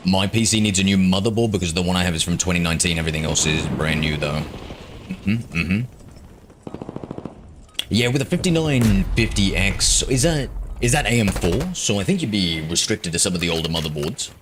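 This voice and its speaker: Young Aussie male streamer, very low voice, chatty and rambling over noisy game audio. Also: expressive, a little fast. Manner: chatty, rambling with many ums. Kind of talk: casual live-stream chat.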